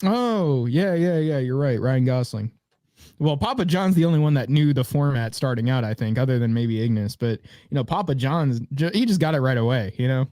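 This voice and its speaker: A man's voice: mid-range voice, expressive, moderate pace, mellow, dry recording, studio quality. A young man co-hosting a podcast in casual chat, rambling with fillers and laughing often. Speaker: podcast co-host.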